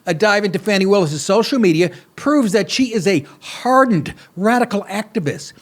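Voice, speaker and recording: A middle-aged man hosts a comedy podcast with a slightly high voice. He rants in a blunt, sarcastic way and swears freely as he talks. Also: lively intonation, moderate pace. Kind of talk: profane comedic rant.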